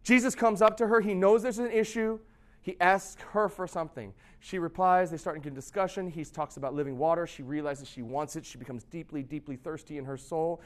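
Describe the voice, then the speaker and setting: A man's voice: on the high side, fairly even intonation, fairly quick. A middle-aged pastor giving a sermon in a conversational way, often asking his listeners questions. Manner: conversational, asks the audience questions.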